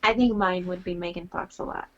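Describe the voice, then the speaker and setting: A woman co-hosting a casual tarot live stream, chatting in relaxed, laughing banter. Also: fairly low pitch, a little fast, highs cut off, slight background noise. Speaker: co-host tarot reader.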